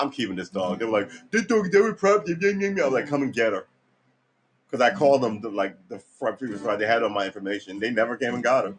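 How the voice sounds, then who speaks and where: A man's voice: fairly low pitch, a little hiss or hum. A man, tired and just woken up, casually rambling through a story while practicing guitar, with loose fillers and easy swearing. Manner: laid-back, swears casually, trailing fillers.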